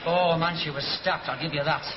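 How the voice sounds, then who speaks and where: An actor playing a cheeky young Northern English lad with a Northern English accent, telling a mocking story in a vintage broadcast sitcom. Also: male voice, on the high side, steady tone, fairly quick, lightly acted. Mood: teasing. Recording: noisy dull archive audio.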